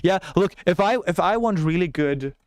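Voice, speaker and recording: Excitable young man, slightly high voice. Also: moderate pace, smooth, dry recording. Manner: excitable ranting, swearing, talking to chat. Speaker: game streamer. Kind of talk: casual live-stream chat while gaming.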